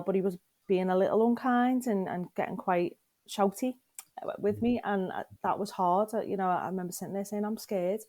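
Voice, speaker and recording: A woman's voice: fairly low pitch, darkish tone, dry recording. A middle-aged woman frankly and emotionally telling her personal story as a podcast guest, often turning to the listener with questions.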